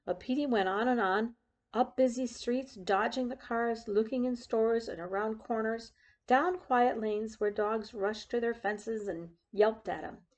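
A woman with a voice on the high side reads a picture book a little slowly. Her delivery is expressive and storyteller-like, and she calls attention to the illustrations along the way.

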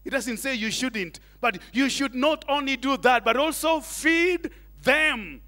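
A middle-aged man preaching a sermon, animated, tossing in Swahili asides and questions to the congregation. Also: very high voice, measured pace. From Kenya. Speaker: pastor.

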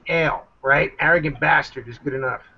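A man with a fairly high voice chatting loosely on an internet talk show. He rambles and gives shout-outs to listeners. The sound is dull and lo-fi. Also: quick pace, gravelly, a little hiss or hum. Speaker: podcast host. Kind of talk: casual chat.

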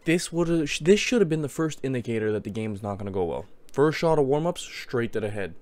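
Young man, casual commentary, self-mocking, joking, middle pitch. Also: very animated, brisk, darkish tone. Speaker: hockey goalie reviewing his own game footage.

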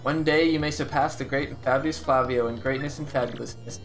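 Man putting on a vain, grandiose sailor, gravelly, self-praising. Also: mid-range voice, fairly even intonation, a little fast, soft background music, lightly acted, low-quality recording. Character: pompous vain male sailor adventurer.

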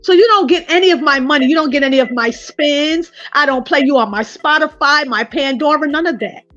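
A woman giving casual commentary, telling stories in a lively way and speaking directly to her viewers. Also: sits high, fairly quick, no echo, lo-fi sound, faint music behind. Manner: animated storytelling, addressing viewers as "y'all". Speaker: online commentator.

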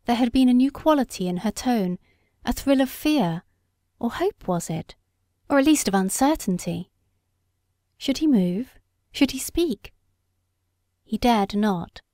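A woman reading a story aloud as an audiobook narrator, in a measured, unhurried way. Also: fairly high pitch, lively intonation, dark tone, dry recording, clean studio sound. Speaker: audiobook reader. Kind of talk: scripted narration.

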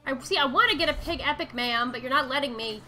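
Bright high-voiced woman gamer. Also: fast talker, soft background music. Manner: animated, playful, talks to the game characters. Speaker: gaming channel host. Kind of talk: let's play commentary.

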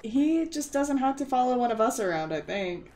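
A woman's voice: a little high, very animated, normal speed, dark tone. Upbeat woman streamer leading a game. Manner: upbeat, organizing teammates, laughs often. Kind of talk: casual gaming chat.

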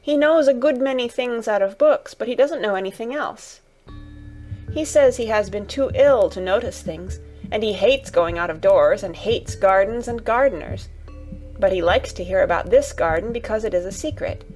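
An eager, curious young girl from a storybook, as a woman reader puts her on. She speaks crisply at a mid pitch, with soft music faintly underneath. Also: moderate pace, lightly acted.

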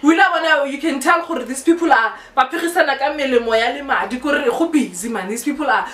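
A young South African woman with a South African accent, telling a casual story-time tale with lively, animated delivery and mixing in local words. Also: sits high, quick pace, recorded from a distance. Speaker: YouTuber. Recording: echoey room, a bit off-mic.

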